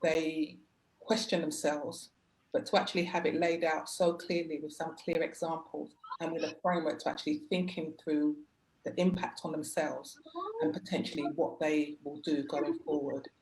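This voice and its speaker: A woman's voice: low-pitched, fairly even intonation, darkish tone, poor audio. A woman hosting a webinar over a video call, thanking speakers and moving things along with frequent ums. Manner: halting, with many ums. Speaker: webinar host. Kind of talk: moderating a panel.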